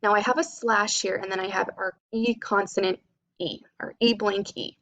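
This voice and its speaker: Woman teaching phonics, slight vocal fry. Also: medium pitch, fairly even intonation, a bit bright. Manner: slow, clear spelling-out of sounds. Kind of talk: phonics lesson for children.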